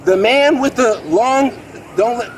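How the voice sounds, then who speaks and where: Speaking slowly in an extremely high-pitched voice, a late-thirties man gives an officer a worked-up, rambling account outdoors near a road. He's excitable and says "bro" again and again; the body-camera audio has a noisy background.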